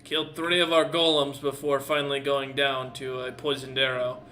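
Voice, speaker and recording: Man doing a haughty orc prince, cold, measured, bright voice. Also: medium pitch, flat delivery, natural voice.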